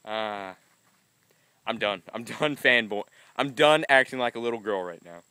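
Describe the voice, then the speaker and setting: A man's voice: on the low side, unhurried, sharp tone, clean tone, dry recording. Rambling young man vlogging casually. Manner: rambling, laughing, self-mocking. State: just woke up.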